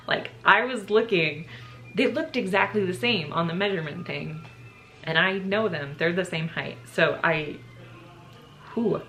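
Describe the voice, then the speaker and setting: Tearful woman vlogger, lowish voice. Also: measured pace, pauses often, sharp tone, faint music behind. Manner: emotional, choking up and laughing through tears. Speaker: vlogger telling a personal story. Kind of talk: casual storytime.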